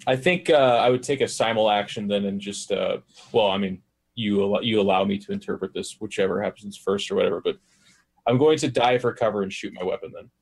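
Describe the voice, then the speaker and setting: Low-voiced guy joking around while playing a tabletop game. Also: fairly quick, vocal fry. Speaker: player. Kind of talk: casual chat at a tabletop game.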